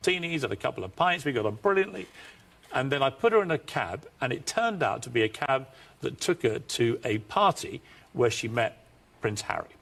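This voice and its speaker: A man's voice: mid-range voice, big pitch swings, moderate pace, vocal fry, fairly bright tone. An English man telling a chatty, amused anecdote as a guest on a talk show.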